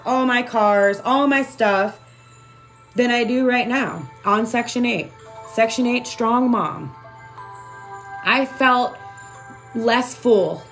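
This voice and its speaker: A young to middle-aged woman, a little high-pitched, talks openly and emotionally to her livestream audience. She swears freely and keeps checking in with "right?" as she speaks. Soft music plays faintly behind her. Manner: conversational, keeps asking "right?". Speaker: spiritual self-help vlogger. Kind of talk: candid livestream talk to viewers.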